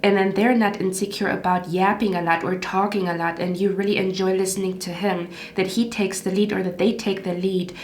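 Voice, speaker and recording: A woman's voice: medium pitch, flat delivery, brisk, few pauses, echoey room. A woman giving a casual tarot reading, chatty and rambling, checking in often with the listener. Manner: chatty, lots of "okay?" and "like". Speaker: tarot reader.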